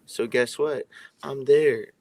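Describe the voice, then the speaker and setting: A man's voice: medium pitch, slow pace, a little mellow. A man telling a story on a casual podcast, emphatic and full of rhetorical questions. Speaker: podcast co-host.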